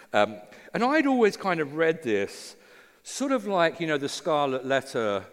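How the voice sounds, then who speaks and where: A man's voice: on the high side, big pitch swings, a little slow, long reverb tail. A man preaching a sermon as pastor, in an informal, conversational way with many fillers and restarts.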